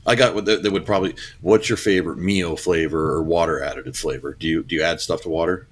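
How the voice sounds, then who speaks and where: Deep-voiced male podcast co-host. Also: steady tone, fast talker, husky. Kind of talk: casual podcast chat.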